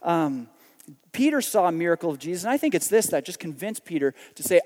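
A man's voice: a little high, sing-song, fairly quick, darkish tone, big-room sound. A man preaching a conversational sermon as pastor, often restarting and repeating words as he thinks aloud.

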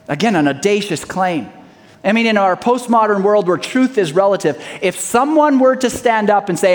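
High-voiced preaching man in a reverberant hall. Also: lively intonation, normal speed. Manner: preaching with swings from loud to hushed; acts out folksy small-town dialogues. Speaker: pastor. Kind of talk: sermon.

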